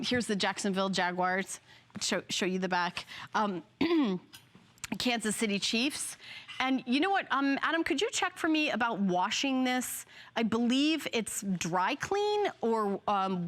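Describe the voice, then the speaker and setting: This is a woman in her fifties running a live shopping segment, her voice sitting a little higher than most. She chats loosely and rambles, often restarting her words and breaking into laughs. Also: a bit bright. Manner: chatty, rambling, self-correcting, laughs often. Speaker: home shopping host. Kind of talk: live product presentation.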